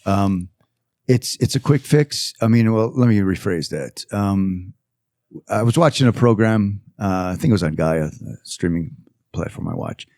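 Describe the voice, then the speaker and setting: Earnest low-voiced man, podcast guest. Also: lively intonation, a little mellow, no echo. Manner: earnest, reflective, halting with fillers. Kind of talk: casual podcast conversation.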